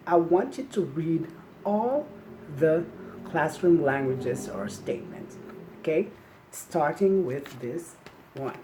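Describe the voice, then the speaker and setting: A woman giving an online English teaching demonstration, modeling polite classroom phrases slowly and clearly for young learners to repeat. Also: sits low, mellow, a little hiss or hum, low-quality recording. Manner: slow, clear, encouraging, modeling phrases for repetition.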